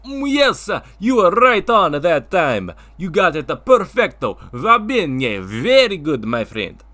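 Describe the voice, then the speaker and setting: A man voicing a proud Italian businessman in a comedic talk show sketch, with a put-on Italian accent and slow, sing-song speech. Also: a little high, big pitch swings, sharp tone, voice pushed up, exaggerated voice. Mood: cheerful, proud. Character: boastful Italian businessman with very long name, adult man.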